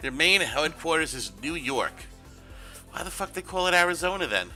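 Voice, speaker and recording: Bright-voiced, sarcastic male streamer. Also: fairly high pitch, expressive, normal speed, faint music behind. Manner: rambling, profane, sarcastic. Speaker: game streamer. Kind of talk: casual gaming stream commentary.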